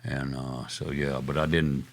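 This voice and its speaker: A man's voice: extremely low pitch, level tone, a little slow. An older man, telling rambling, chuckling stories as an interview guest, full of fillers. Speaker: guest musician. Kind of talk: casual storytelling interview.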